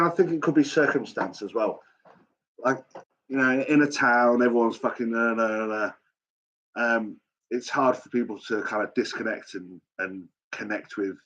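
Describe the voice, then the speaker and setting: Sweary, rambling man on a live chat. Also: mid-range voice. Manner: sweary, rambling and blunt, talking straight to chat. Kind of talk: casual live-stream chat. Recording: dull lo-fi stream audio.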